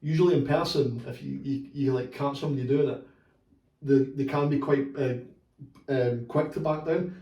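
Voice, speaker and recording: A man's voice: medium pitch, normal speed, echoey room, distant mic. A Scottish man co-hosting a football podcast in casual chat, telling stories and acting out what people said. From Scotland. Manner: animated storytelling, acts out quoted lines. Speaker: podcast co-host.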